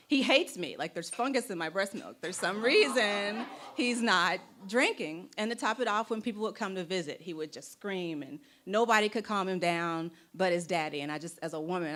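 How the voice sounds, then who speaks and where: A woman, telling a personal story on stage and acting out voices with big jumps in pitch. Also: fairly bright tone. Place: bar stage before a live audience.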